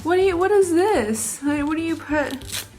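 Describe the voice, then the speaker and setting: A woman's voice: extremely high pitch, normal speed, a little mellow, faint music behind. A young woman vlogging casually from her couch as she unboxes a package for her dog, often gushing and slipping into baby talk. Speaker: beauty vlogger. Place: living room couch.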